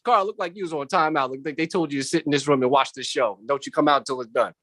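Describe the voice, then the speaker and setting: Man, stand-up comedian, animated, high voice, dry computer mic, home video call. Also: quick pace, dry recording. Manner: animated, does voices of family and coworkers.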